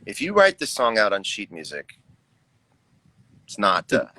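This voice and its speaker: A man's voice: fairly low pitch, huge pitch swings, unhurried, bright, forceful tone, rough recording. A middle-aged American musician talking casually about his record on a livestream, reflective and joking. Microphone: video call.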